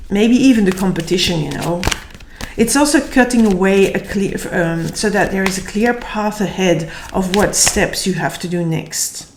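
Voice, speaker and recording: A woman giving a casual tarot reading, slightly hoarse and tired, thinking aloud and searching for words. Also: on the low side, slight background noise. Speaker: tarot reader. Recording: echoey room.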